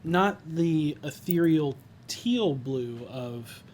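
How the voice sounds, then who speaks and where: A man narrating a tabletop game as game master, describing scenes slowly and thoughtfully with pauses. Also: fairly high pitch, animated, darkish tone, slight background noise.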